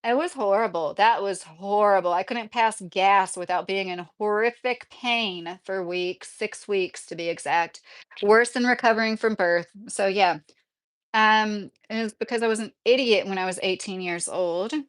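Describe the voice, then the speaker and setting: A woman's voice: medium pitch, moderate pace, clear, resonant tone. A woman in her thirties with a slight Midwestern accent, chatting casually on a livestream and answering viewer questions. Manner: chatty, rambling, laughs often.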